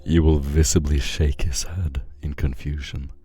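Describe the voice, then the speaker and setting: A man narrating a tabletop game as game master, describing scenes slowly with many fillers. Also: rumbling low, fairly even intonation, dark tone, breathy edge.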